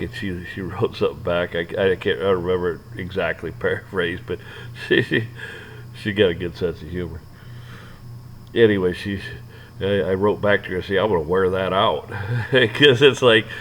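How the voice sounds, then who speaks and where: A gravelly-voiced man ranting off the cuff. He rambles, curses freely, and keeps restarting his sentences. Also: on the low side, a bit bright, poor audio. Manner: rambling, profane, many restarts and fillers. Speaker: vlogger ranting to camera. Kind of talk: off-the-cuff rant.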